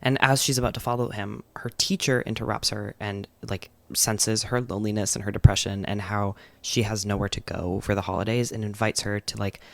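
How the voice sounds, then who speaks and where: A man recaps a novel for his book channel in a relaxed, chatty way, sprinkling in "like" as he goes. His voice sits a little low. The recording is dry and close, with no room sound. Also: brisk, vocal fry, hardly any pauses, no echo. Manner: chatty, frequent "like" fillers, enthusiastic. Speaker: book vlogger. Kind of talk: casual book summary and review.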